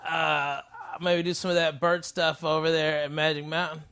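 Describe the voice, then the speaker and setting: Bright-voiced laid-back male guest. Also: fairly high pitch, flat delivery, moderate pace, smooth. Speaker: podcast guest. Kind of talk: casual chat.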